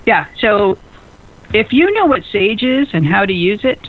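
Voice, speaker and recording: A woman hosting a radio show, chatty and excitable, quick to laugh. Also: medium pitch. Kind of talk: lively casual radio chat. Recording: phone-like narrow band radio sound.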